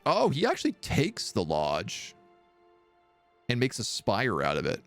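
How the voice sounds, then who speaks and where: A man's voice: mid-range voice, wildly swooping pitch, measured pace. A man streaming a strategy game, musing aloud as he weighs options. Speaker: live streamer. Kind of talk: gameplay commentary. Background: game music.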